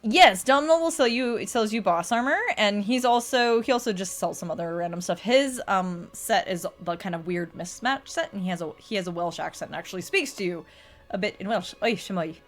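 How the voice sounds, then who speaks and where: A woman's voice: medium pitch, expressive, brisk. A young adult woman streaming a casual chat, laughing often and swearing casually. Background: faint music.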